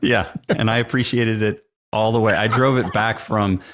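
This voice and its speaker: A middle-aged man telling stories as a podcast guest, animated and laughing often. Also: fairly low pitch, moderate pace. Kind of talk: casual chat, storytelling.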